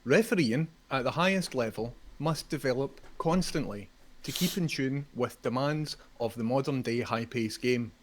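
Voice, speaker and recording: A man playing an officious, easily riled head referee, blustering and reading rules out loud. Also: medium pitch, normal speed, natural voice.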